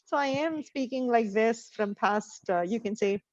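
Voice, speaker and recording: A woman in her forties from India speaks with an American-trained accent over her Indian English, chatty and expressive, often breaking into laughter. Her voice sits a little high. The video call audio is dry and a bit muffled. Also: measured pace, dry recording. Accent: Indian English with American-trained tones. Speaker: English tutor. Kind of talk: casual online conversation practice.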